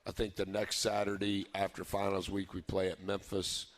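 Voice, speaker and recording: A man, a head basketball coach, telling an animated story on a radio show, chuckling often and jumping up in pitch when he quotes himself. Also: normal speed. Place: live broadcast from a barbecue restaurant.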